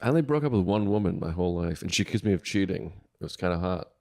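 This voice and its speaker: A man's voice: expressive, very fast, creaky, darkish tone. A man in his thirties co-hosting a comedy podcast, telling stories in casual chat and laughing often. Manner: laughs through his stories, acts out quotes in a higher voice. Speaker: podcast co-host.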